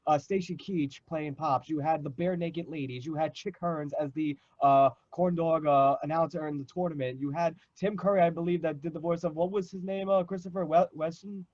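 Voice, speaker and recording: A man hosting a fan panel, enthusiastic and polite, halting often with fillers. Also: a little high, fairly even intonation, a little mellow, no room sound. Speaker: host. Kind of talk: casual chat. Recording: dull, dry sound.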